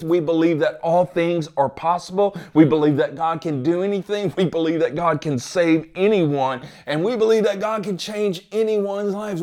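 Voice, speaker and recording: A male pastor delivering a sermon to his church, his voice sitting a touch higher than most men's. He preaches with conviction, firing rhetorical questions at the listeners and dropping suddenly from loud declarations to quiet, intimate asides. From United States. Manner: impassioned preaching with rhetorical questions and swings between loud and hushed. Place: church gathering.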